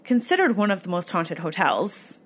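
A woman's voice: on the low side, very animated, moderate pace, husky. A young adult woman hosting a podcast, telling a story in a casual, chatty way full of fillers. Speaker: podcast host.

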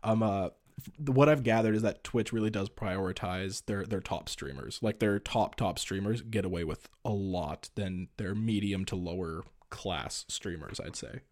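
A man's voice: low-pitched, moderate pace, darkish tone. A man hosting a casual podcast chat, rambling with lots of filler words and restarts. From Canada. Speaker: podcast host.

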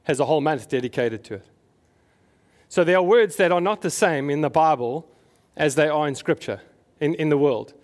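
A man's voice: on the high side, normal speed. A man preaching a conversational sermon to his congregation, asking them questions as he goes. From South Africa. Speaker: pastor.

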